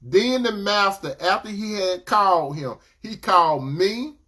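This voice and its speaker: Male preacher, higher register, chatty sermon delivery that keeps calling on brothers and sisters. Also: expressive, measured pace, sharp tone. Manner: conversational preaching, addresses listeners as brother and sister.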